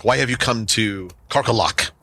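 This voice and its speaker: A man's voice: mid-range voice, normal speed, creaky, bright, forceful tone. A man voicing a proud, guarded goblin chief who talks in a stilted, commanding way.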